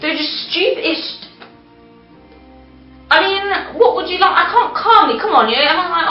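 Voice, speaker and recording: Woman, high voice, sarcastic, exasperated vlog rant; roomy, slightly dull sound. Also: lively intonation, a little slow, long pauses. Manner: exasperated, sarcastic, laughing rants. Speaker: book reviewer. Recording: roomy echo, slightly dull, faint music.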